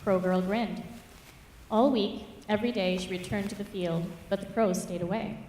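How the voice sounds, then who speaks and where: A woman reads a rhyming fable aloud in a lilting, expressive rhythm. Her voice carries through a church hall with long reverb, caught from a distance over a faint hum of room ambience. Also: medium pitch, moderate pace. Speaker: writing mentor. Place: church hall at a public reading. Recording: echoey church hall from far off.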